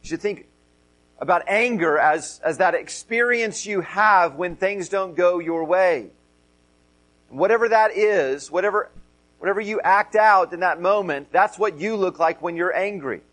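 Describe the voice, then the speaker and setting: A middle-aged man preaches from the pulpit in an earnest tone, circling back to repeat and stress his key phrases. His speaking voice sits somewhat high for a man. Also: measured pace, a bit bright, poor audio. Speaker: pastor. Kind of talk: sermon.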